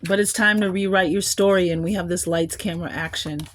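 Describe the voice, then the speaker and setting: A woman's voice: fairly low pitch, steady tone, a little fast. A woman giving a collective tarot reading, musing aloud and rambling, with small laughs between thoughts. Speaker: tarot card reader.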